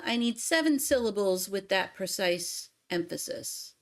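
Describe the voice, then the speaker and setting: A woman's voice: mid-range voice, lively intonation, a little slow. A woman hosting a music livestream, chatting casually and singing lines to test lyrics, often poking fun at herself. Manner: self-deprecating, sings lyric lines to test them. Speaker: livestream host, singer.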